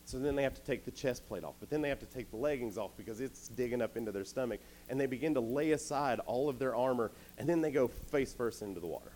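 A man's voice: medium pitch, quick pace, hardly any pauses, a little mellow, slight background noise. A young man giving a youth sermon, telling a story playfully and speaking directly to the crowd.

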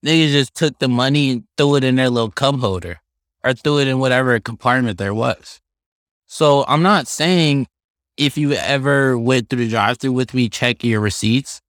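A young man hosting a casual solo podcast, telling stories in an animated, profane, slang-heavy way. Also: mid-range voice, moderate pace, no room sound, studio quality. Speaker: podcast host.

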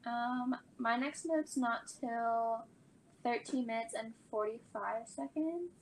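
A woman's voice: on the high side, slow, low-quality recording. A young woman co-hosting a podcast in casual chat, giggly and upbeat. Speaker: podcast co-host.

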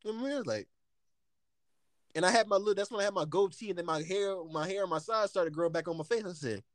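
A young man casually telling stories as a podcast co-host, in an animated, profane way, laughing often. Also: high voice, fast talker, dry recording, clean studio sound. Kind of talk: casual storytelling.

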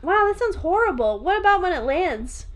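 A woman co-hosting a loose improv podcast, her voice sitting high and swinging widely in pitch. She riffs quickly, jumps between jokes and asides, and swears freely as she talks. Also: very animated. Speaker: podcast co-host. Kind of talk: casual improv chat.

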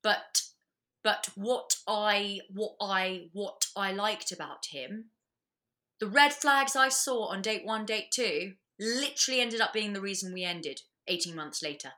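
A woman, a guest on a casual chat podcast, talking bluntly and swearing freely with lots of quick restarts. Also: mid-range voice, bright, forceful tone.

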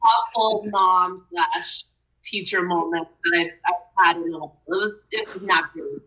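A woman's voice: on the low side, measured pace, bright, forceful tone, poor audio. A woman, a teacher and mother, telling a self-deprecating story in casual chat on a video call. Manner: self-deprecating, laughs while telling stories.

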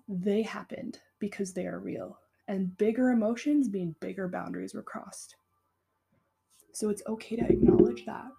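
A woman in her twenties hosting a casual solo podcast, impassioned and encouraging, swearing freely and dropping to a soft, slow whisper for tender asides. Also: mid-range voice, creaky. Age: 20s. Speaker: podcast host.

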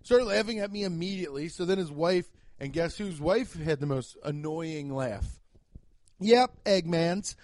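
A young man rambling through a casual, profane podcast monologue as a comedian, telling jokey stories with sudden jumps in pitch. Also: expressive, a little slow, a little mellow, no room sound.

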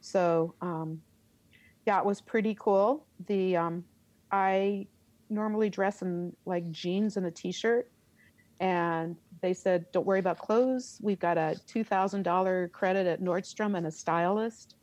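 A middle-aged woman, a theater teacher, telling a story in an interview, animated and laughing as she acts out her reactions. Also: fairly low pitch, measured pace, dry recording.

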